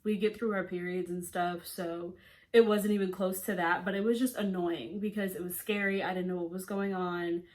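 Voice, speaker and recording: A woman's voice: fairly low pitch, normal speed. A young woman vlogger telling a personal story in a chatty, casual way, full of "like" fillers and quoted lines. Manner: chatty, frequent "like" fillers, animated quoting. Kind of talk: storytime vlog.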